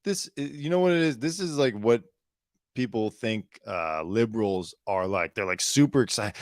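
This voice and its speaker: A man's voice: on the low side, moderate pace, no room sound, studio quality. A man hosting a commentary show, sarcastically mocking a news clip and laughing. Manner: sarcastic, laughing, animated mockery. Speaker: show host.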